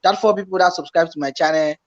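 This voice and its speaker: A man tells a story in relaxed chat. He acts out his own past panic, repeating himself in excited bursts. The recording is slightly dull and lo-fi. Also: on the high side, fast. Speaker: YouTuber co-host.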